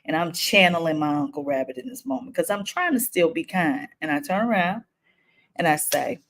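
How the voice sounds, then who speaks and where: A woman, telling a personal story to camera in a lively, animated way. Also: fairly low pitch, brisk. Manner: animated, acts out quotes, frequent laughs.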